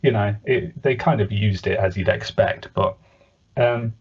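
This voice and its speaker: A man's voice: on the low side, a little slow, a little mellow, breathy edge. A man with an English accent, co-hosting a podcast in casual, hesitant chat with many restarts. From England. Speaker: podcast co-host. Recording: dull lo-fi podcast audio.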